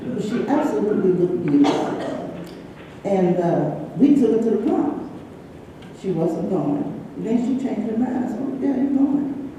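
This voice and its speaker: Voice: mid-range voice, dark tone, slight background noise. A person in their sixties giving a personal eulogy for a close friend, telling stories in a shaky, emotional voice at a church memorial service. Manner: shaky, emotional, chatty storyteller. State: trembling with emotion. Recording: echoey church hall from far off.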